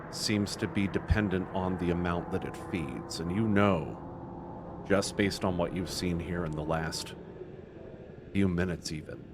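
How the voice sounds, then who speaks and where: A man running a tabletop game as game master, describing scenes haltingly with many ums and restarts. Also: low voice. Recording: noticeable background noise.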